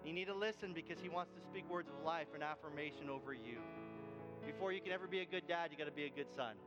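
A man's voice: a little high, quick pace, long reverb tail, lo-fi sound, loud music behind the voice. A man preaching a sermon as pastor, telling a story and speaking earnestly to fathers.

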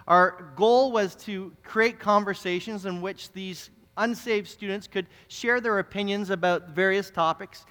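Bright high-voiced pastor preaching. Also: male voice. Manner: earnest, animated storytelling with frequent repeated words. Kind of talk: sermon storytelling. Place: church sanctuary. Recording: reverberant church hall.

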